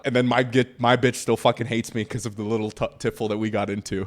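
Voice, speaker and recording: A man's voice: fairly low pitch, fast talker, hardly any pauses. A man hosting a reaction video, telling a personal story bluntly and swearing freely. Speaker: reaction channel host. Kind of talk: casual storytelling and commentary.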